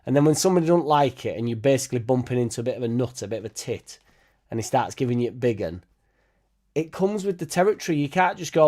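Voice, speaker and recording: A man's voice: mid-range voice, lively intonation, quick pace, warm tone. A man ranting bluntly in a casual monologue, swearing freely and mimicking others in mocking voices. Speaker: football fan channel host.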